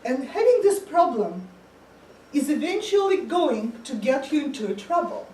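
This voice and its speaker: Expressive woman giving a humorous speech. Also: high voice. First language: not English. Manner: slow, expressive storytelling with playful voices. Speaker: club speaker. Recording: echoey room from far off.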